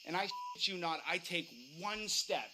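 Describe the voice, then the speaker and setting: A man's voice: sits high, normal speed, background noise. A man telling a dramatic first-person ghost story, building tension as he goes. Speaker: storyteller recounting a ghost encounter.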